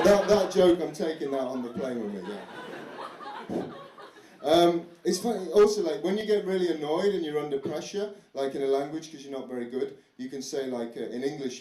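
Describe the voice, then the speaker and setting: A young man with a fairly high, mellow voice performs stand-up comedy for a live audience, chatty and self-deprecating, slipping into mock foreign accents. The recording has an echoey club sound with audience noise.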